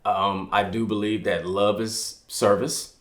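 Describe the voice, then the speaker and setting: Low-voiced man chatting in an echoey room. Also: unhurried. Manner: relaxed, heavy use of "like", teasing. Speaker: podcast co-host, husband. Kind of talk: casual chat.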